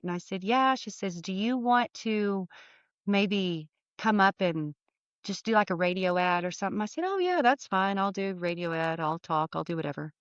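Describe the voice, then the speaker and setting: A woman guest tells a story in a relaxed, chatty way. She acts out each person's lines and laughs through them. Her voice sits at a middling pitch, and the recording is dry and a bit dull. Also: clean tone, dry recording. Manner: animated, acts out dialogue with laughs. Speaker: podcast guest. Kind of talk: casual storytelling.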